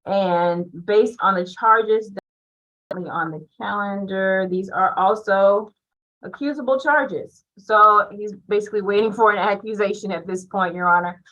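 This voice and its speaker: A woman defense attorney making her case for a lower bond, polite and formal with the judge. Her voice sits mid-range. The recording of her is dull and muffled. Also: unhurried, a bit bright. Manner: polite, addresses the judge formally, laughs easily. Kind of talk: courtroom argument. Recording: muffled courtroom audio.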